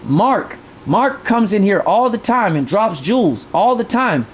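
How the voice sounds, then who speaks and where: A man's voice: high-pitched, sing-song, measured pace, a little hiss or hum. A man streaming a fishing game live, ranting bluntly and profanely to his chat and repeating his points.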